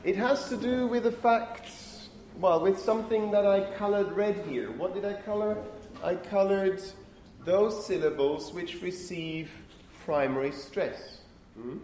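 A man's voice: high voice, unhurried, a little mellow. A male lecturer explaining phonetics to a class, thinking aloud and often checking in with the students. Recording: echoey classroom with faint ambient noise.

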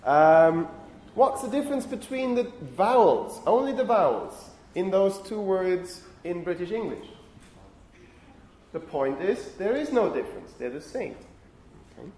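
A man lecturing university students on phonetics, lively and often putting questions to the class. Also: high-pitched, unhurried, a little hiss or hum. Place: lecture hall. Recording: echoey lecture hall.

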